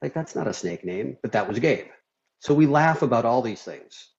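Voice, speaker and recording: A podcast guest, this middle-aged Minnesota surgeon has a mid-range, creaky, darkish voice with lively intonation at a normal speed. He's candid and meandering, full of "you know" fillers, and laughs while recounting stories. Slightly dull, lo-fi audio.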